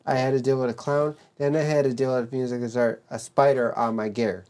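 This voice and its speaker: A man's voice: medium pitch, steady tone, a little fast, a little mellow. A man who is a guest on a podcast, chatting casually with blunt, jokey, mock-dramatic complaints. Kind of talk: casual chat.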